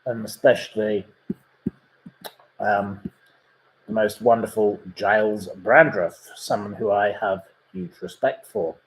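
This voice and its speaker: On a roughly recorded casual chat podcast, the male host speaks slowly in a fairly low, steady voice. He rambles through recommendations with lots of ums and gossipy asides.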